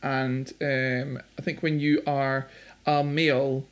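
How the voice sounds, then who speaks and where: A man's voice: medium pitch, level tone, slow. A man in his thirties, a guest in a casual chat, talking in a chatty, self-deprecating way.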